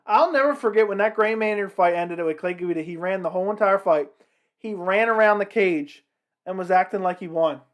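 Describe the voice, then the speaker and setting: A man's voice: sits high, fairly quick, a bit bright. A man hosting a casual livestream, commenting on a fight and talking with his chat. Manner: chatty, reacting to the fight and the chat. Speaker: livestream host.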